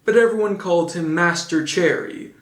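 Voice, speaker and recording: Man, storybook narrator, dry asides, fairly high voice, roomy echo. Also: normal speed. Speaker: audiobook narrator. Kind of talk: casual storybook reading with asides.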